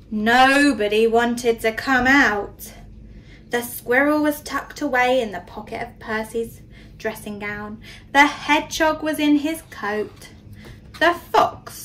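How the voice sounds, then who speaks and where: A nursery teacher reading a storybook aloud to young children, expressive and pausing to ask questions. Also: female voice, a little high, distant mic, slight background noise, poor audio.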